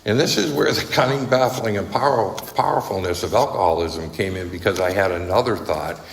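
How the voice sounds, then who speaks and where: Brisk and creaky, a low-sitting male voice relates his story at a recovery meeting. He's blunt and conversational, leaning often on tag questions like "right?" and "okay?", and the echoey hall has some faint noise.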